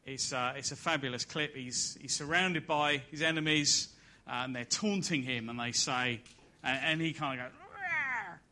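A man preaching a sermon at a church service, building to loud emphatic peaks and then dropping soft and low. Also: steady tone, moderate pace.

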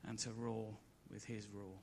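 A man preaching a sermon at a church service, building to loud emphatic peaks and then dropping soft and low. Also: flat delivery, unhurried, slight background noise.

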